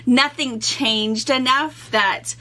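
A woman co-hosting a casual chat, animated and quick with her replies. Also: high-pitched. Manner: animated, quick backchannel responses.

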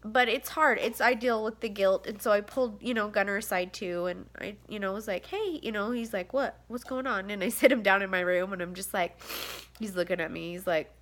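A woman's voice: medium pitch, steady tone, brisk, fairly bright tone. A tired woman in her thirties talking to the camera in a rambling, tearful confessional vlog, full of fillers and sighs. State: tired, close to tears. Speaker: vlogger, mother of seven.

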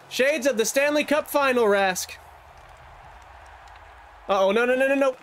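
A young man giving excited, fast play-by-play commentary over his own hockey video game as a gaming YouTuber. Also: very high-pitched. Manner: animated, fast play-by-play with yelps and laughs. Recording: background music under voice.

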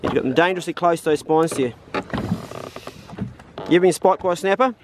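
A man giving excited, encouraging commentary while fishing from a boat, whooping at each catch. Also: on the high side, brisk, background noise. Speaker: fishing channel host. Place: outdoors on a small fishing boat.

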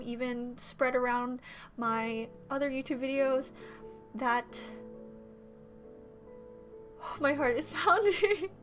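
A young woman vlogging to her viewers, emotional and tearful, rambling and restarting her sentences as her voice breaks. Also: high-pitched. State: teary, voice breaking. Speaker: YouTuber. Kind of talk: emotional vlog talk to camera.

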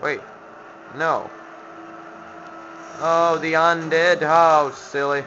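A Finnish gameplay commentator speaks very slowly in a mid-range voice, with fairly even intonation and frequent pauses, while music plays in the background. He grumbles through the let's play, sarcastic and cursing at enemies. The lo-fi home mic also catches background noise.

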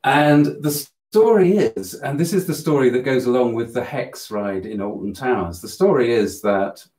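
A man's voice: mid-range voice, moderate pace. Earnest man telling a story. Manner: earnest, animated storyteller with frequent restarts. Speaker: host of a spiritual channel. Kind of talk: casual storytelling in a live Q&A. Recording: roomy echo.

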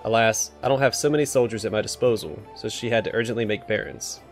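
A man's voice: fairly low pitch, fast talker, faint music behind, close to an everyday voice. A man reading aloud the lines of an arrogant, bored baron in a haughty, offhand way.

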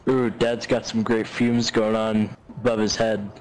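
A low-voiced man chatting casually over a game on stream, joking and teasing the others. His voice comes through roomy webcam call audio with noticeable echo. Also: little pitch movement, a little slow. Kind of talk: casual gaming chat.

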